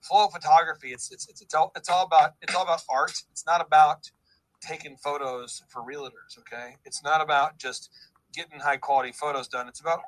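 A man's voice: a little high, a bit bright, poor audio. A man hosting a casual podcast chat, rambling and joking, with many restarts. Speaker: podcast host.

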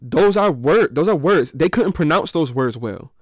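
A man's voice: on the high side, normal speed, dry recording, clean studio sound. A man co-hosting a casual podcast, telling stories and acting out what people said. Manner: animated storyteller, acts out quotes. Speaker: podcast co-host.

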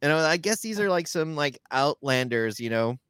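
Animated man chatting about a film. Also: fairly high pitch, smooth, dry recording, studio quality. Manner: animated, swearing, laughing, quick asides. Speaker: podcast co-host. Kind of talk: casual movie review chat.

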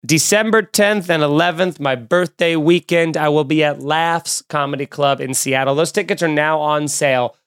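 A man's voice: a little high, normal speed, hardly any pauses, fairly bright tone, clean tone. Podcast host, male comedian, loose and jokey, clean resonant voice. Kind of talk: casual podcast chat and plugs.

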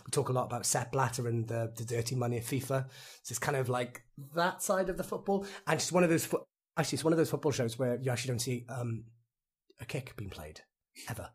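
A Welsh man, an actor guest, chatting casually on a podcast, rambling and animated, laughing often. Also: mid-range voice, fast talker, husky. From Wales.

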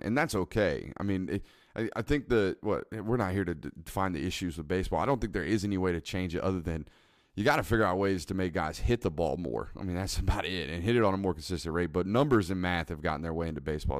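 A man with a fairly low voice co-hosts a loose, joking chat about a sports movie. He gets animated and laughs as he quotes favorite lines. The sound is dry and close, with little room in it. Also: quick pace, dry recording. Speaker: podcast co-host.

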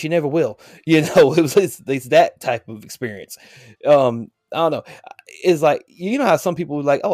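A man's voice: medium pitch, darkish tone, no echo, studio quality. A man hosting a podcast, chatting casually and joking in a rambling way. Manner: rambling, joking, lots of fillers. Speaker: podcast host. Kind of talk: casual chat.

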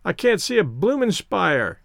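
A bantering adventurer with a wry, mock-solemn way of teasing his friends, as a man reads him in an audiobook. His jabs come a bit higher and louder. The sound is dry and close. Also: big pitch swings, unhurried, vocal fry, dry recording, full character voice.

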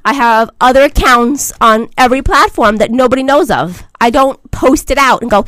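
A woman's voice: fairly high pitch, expressive, brisk, few pauses, a bit bright, no echo. A woman giving a blunt, emphatic vlog monologue as a social media commentator, lecturing her listeners.

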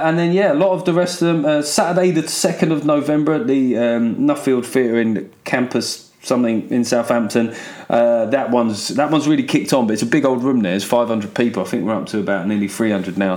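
An English man hosts his podcast on his own, swearing freely as he rambles. He is sardonic and sounds unscripted, with a middling pitch. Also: a little mellow. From England. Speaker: podcast host. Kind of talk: casual solo podcast monologue.

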